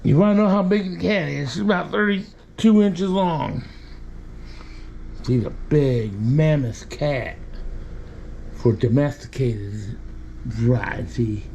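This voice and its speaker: A man's voice: fairly high pitch, slow pace, creaky, long pauses, mellow. A man talking to his pet cat in a casual home video, teasing and affectionate. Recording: dull lo-fi home recording, faint background noise.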